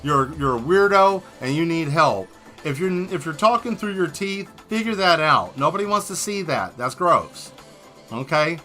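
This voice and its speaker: A man with a high, bright, forceful voice chats loosely through a live drawing stream. He jokes and rambles, talking straight to the viewers in the chat. Faint music plays underneath. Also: lively intonation, normal speed. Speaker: livestream host painting and answering chat. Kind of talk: casual livestream chat while drawing.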